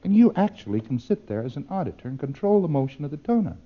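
A man's voice: on the high side, big pitch swings, fast, lo-fi sound. A man giving a demonstrative lecture, acting out exchanges with playful repetition.

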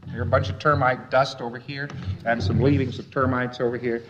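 A man's voice: mid-range voice, level tone, a little fast, background noise. A man giving a lecture in a folksy, wry, rambling way. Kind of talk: lecture to a live audience. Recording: dull lo-fi old lecture tape.

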